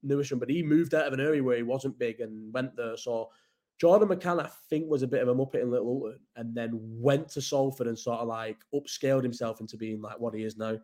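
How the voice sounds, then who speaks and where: A man's voice: mid-range voice, fairly quick, dark tone. A man from the Bolton area with a Bolton accent, hosting a casual live chat in a rambling, blunt and sweary way. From Bolton area, England.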